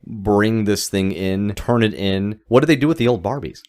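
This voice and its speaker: Deep-voiced man bantering on a podcast. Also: darkish tone. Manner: jokey, quick banter with laughs. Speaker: podcast co-host. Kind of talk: casual podcast chat.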